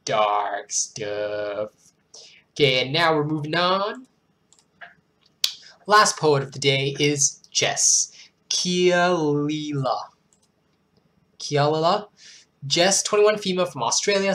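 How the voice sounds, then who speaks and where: A host with a worn-out, hoarse throat reads poems in an expressive, theatrical way. Between the pieces the talk turns casual, quick and self-deprecating. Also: mid-range voice. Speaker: channel host reading viewers' poems. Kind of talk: dramatic poetry reading with casual asides.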